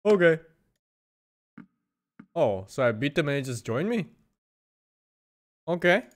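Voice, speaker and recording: A man streaming a game, reacting in excited and sweary outbursts as he plays. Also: fairly high pitch, slow. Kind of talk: live gameplay commentary.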